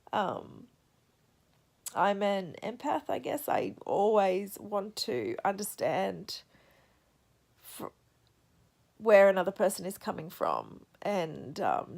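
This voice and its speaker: Soft-spoken woman book vlogger with gravelly fry. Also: medium pitch. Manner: reflective, soft-spoken, halting. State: teary after crying. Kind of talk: casual reading vlog.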